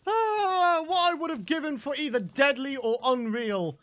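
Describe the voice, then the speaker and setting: A man hosting a let's play video, talking excitably and chattily to his viewers as he plays. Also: very high voice, unhurried. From Britain. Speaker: gaming channel host.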